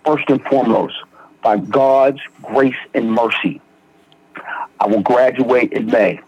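Young philly guy telling his recovery story, husky voice, dry dull lo-fi sound, lots of slang. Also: mid-range voice, slow pace, a little mellow, dry recording. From Philadelphia. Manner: earnest storytelling with slang and repeated starts. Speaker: guest in recovery. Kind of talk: personal testimony in conversation.

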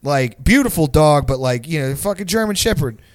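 A man's voice: on the high side, animated, normal speed, no room sound, clean studio sound. A young man telling stories in a casual chat, rambling and profane, full of "like" and slang. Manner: rambling, profane storytelling with lots of "like". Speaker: podcast co-host.

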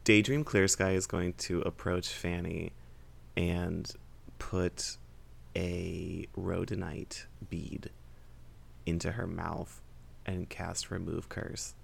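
A man's voice: low voice, flat delivery, slow, creaky, a little hiss or hum. A man playing a tabletop game, casting spells and teasing the others. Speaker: player. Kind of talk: casual tabletop game chat.

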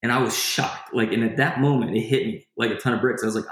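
A man speaking fast at medium pitch shares a personal anecdote as the guest of a laid-back interview. The retelling is lively but rambling, with sentences frequently restarted, and the room sounds echoey.

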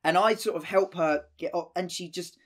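A man's voice: sits high, normal speed. A young man telling a rambling, sweary anecdote in casual chat, full of fillers.

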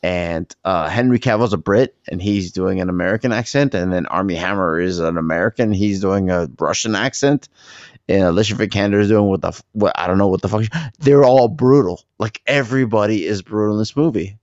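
Blunt, profane man, low voice. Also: brisk, a little mellow, dry recording, muffled recording. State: tipsy. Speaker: podcast co-host. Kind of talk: casual film review chat.

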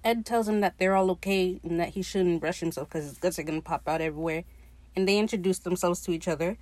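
A woman's voice: lowish voice, quick pace, a little mellow, no echo. A woman recapping a TV episode in a casual, profane, gushing way, acting out the characters' lines in her own voice. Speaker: podcast host.

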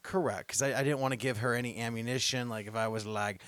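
A young man hosting a casual podcast, telling a long story with lots of restarts and growing louder as he relives it. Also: mid-range voice, steady tone, fast talker. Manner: rambling storyteller, restarts often, gets loud when retelling. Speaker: podcast host.

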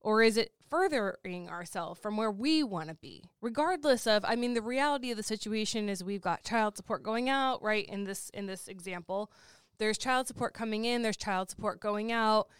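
A woman's voice: medium pitch, moderate pace, smooth, no echo, clean studio sound. A woman in her forties co-hosting a casual chat. She laughs easily and rattles off lists. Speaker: podcast co-host.

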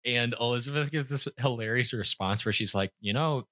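A young man co-hosting a casual book-discussion chat, enthusiastic and quick to laugh, with stumbling restarts. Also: medium pitch, pushed and bright, no echo, studio quality. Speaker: podcast co-host.

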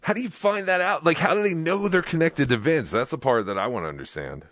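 A man's voice: fairly high pitch, lively intonation, quick pace, a bit bright, dry recording. A man hosting a casual live stream, joking with co-hosts and reading out viewer donations. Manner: jokey, reads out viewer donations. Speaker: host.

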